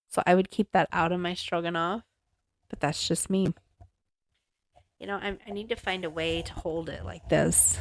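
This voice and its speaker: A woman's voice: on the low side, dry recording, studio quality. A young woman hosting a home recipe podcast, reading ingredients and steps in a chatty, apologetic way while fiddling with a handheld mic. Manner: chatty, apologetic, self-conscious about her mic. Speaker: podcast host. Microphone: handheld mic, moved around.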